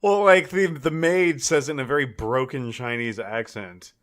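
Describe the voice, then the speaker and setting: A man's voice: medium pitch, normal speed, fairly bright tone. A man co-hosting a podcast, chatting casually about films in a blunt, teasing way with some swearing. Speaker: podcast co-host. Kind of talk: casual film chat.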